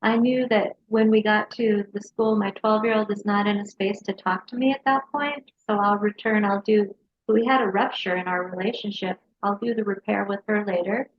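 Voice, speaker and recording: A woman therapist telling a personal story in an interview, in a lively storyteller's manner. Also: mid-range voice, moderate pace. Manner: lively storyteller who acts out her kids' voices. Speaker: hypnotherapist and mental health counselor. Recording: dull lo-fi sound.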